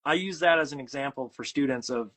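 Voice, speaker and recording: A man's voice: mid-range voice, fast, fairly bright tone. A middle-aged man hosting a casual chat while making art, talking in a rambling, self-deprecating way with lots of fillers and restarts. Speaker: host.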